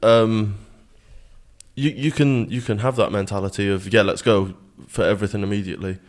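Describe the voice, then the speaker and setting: A man's voice: fairly low pitch, fairly even intonation, moderate pace. A man speaking earnestly as an interview guest in a studio, stumbling over repeated words as he starts sentences. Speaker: guest, security manager.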